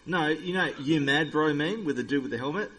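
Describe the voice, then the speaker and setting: A man's voice: fairly high pitch, fairly quick, a crowd in the background, poor audio. A man as a guest in a casual chat, insisting on his point and defending himself. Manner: insistent, defensive, laughs at his own jokes.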